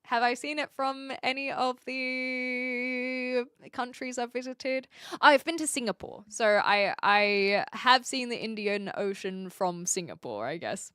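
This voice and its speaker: Female streamer, slightly high and bright, loose chatty delivery with laughs. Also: slow pace, smooth, no echo, studio quality. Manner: chatty and rambling, with frequent laughter and hesitations. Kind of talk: casual livestream chat, reading viewer comments aloud.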